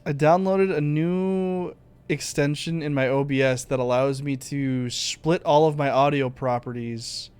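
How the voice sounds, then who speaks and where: A man's voice: on the high side, steady tone, a little slow, a little mellow, clear, resonant tone. A man streaming a game, talking casually and rambling, with a laid-back delivery and some swearing. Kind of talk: casual live-stream chat.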